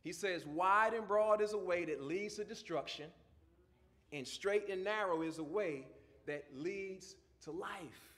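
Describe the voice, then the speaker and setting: A male pastor preaching a sermon, moving from quiet teaching to loud, fervent preaching. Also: high voice, a little slow.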